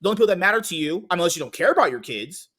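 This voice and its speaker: A man's voice: sits high, animated, very fast, a bit bright. A man hosting a podcast, ranting angrily with heavy profanity. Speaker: podcast host. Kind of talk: heated commentary chat.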